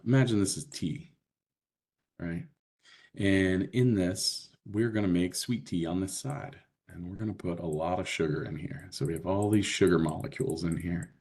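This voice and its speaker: A man's voice: sits low, warm tone. A man teaching a college biology class, explaining in a casual, conversational way with frequent fillers. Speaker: biology instructor. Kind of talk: classroom lecture.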